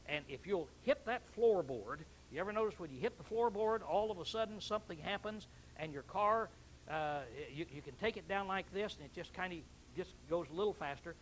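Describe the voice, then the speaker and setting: An older man preaching a folksy sermon, often clearing his throat and repeating his phrases. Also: sits high, slight background noise, poor audio.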